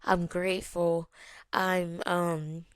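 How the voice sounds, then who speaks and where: A woman in her early thirties talks slowly and reflectively on her solo podcast. Her voice sits a little low and she comes close to tears, circling back over the same phrases. The sound is dry and close, with no room echo. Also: level tone, smooth. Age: 30s. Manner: emotional, tearful at moments, grateful, repeats phrases. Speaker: podcast host.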